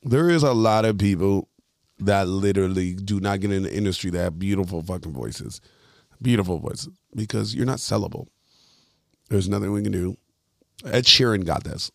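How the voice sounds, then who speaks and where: A male podcast host with a lowish voice who rambles through casual chat and swears freely. His thoughts wander off mid-sentence, and the sound is dry and close. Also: moderate pace, gravelly, dry recording.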